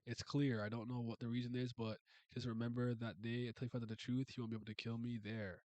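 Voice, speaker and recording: A man's voice: little pitch movement, fast talker, a little mellow, dry recording, natural voice. Man reading as a scornful gloating villain. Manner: mocking, low and subdued. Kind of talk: reading comic dialogue aloud.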